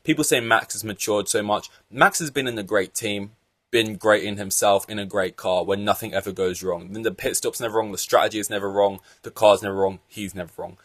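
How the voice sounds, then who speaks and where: A young man with a low-pitched voice rants through his solo podcast, animated and exasperated, cursing freely. He's close on the mic in a dry, dead room. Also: fairly quick, dry recording. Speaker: podcast host. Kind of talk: casual solo podcast rant.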